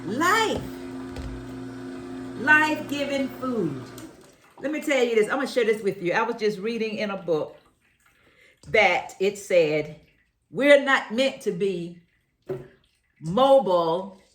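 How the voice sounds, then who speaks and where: A woman's voice: medium pitch, lively intonation, slow pace, pauses often, a bit bright, reverberant, low-quality recording. A woman, chatting while juicing and exclaiming, repeating phrases like a preacher. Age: 70s. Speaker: health vlogger. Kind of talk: casual chat while juicing.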